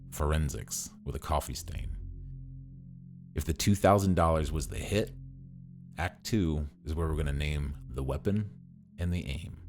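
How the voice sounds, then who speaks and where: A man's voice: rumbling low, a little mellow. A man narrating his own story in a scripted podcast style, wry and dramatic, with punchy turns of phrase.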